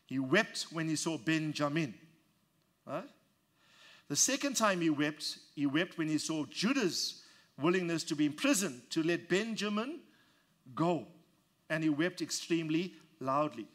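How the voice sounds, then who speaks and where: A man's voice: fairly high pitch, animated, measured pace, a bit bright. A man preaching a sermon, reading scripture verse by verse and leading his congregation in call-and-response. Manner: reads scripture aloud and expounds it verse by verse. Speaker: pastor.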